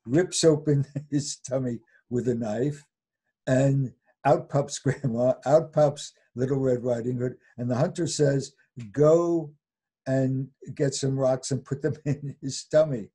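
A man's voice: mid-range voice, steady tone, unhurried, dark tone, slightly rough. An older man, a scholar guest in an interview, retelling old folk tales with frequent chuckles and small voiced-out lines. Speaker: fairy tale scholar guest. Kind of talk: animated storytelling in interview.

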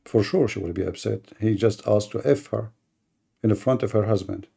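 A man's voice: on the low side, a little fast, gravelly, warm tone, slightly rough. A man hosting a live-streamed debate, talking in a mocking, provocative way and challenging his listeners. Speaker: debate livestream host. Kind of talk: combative live-stream monologue.

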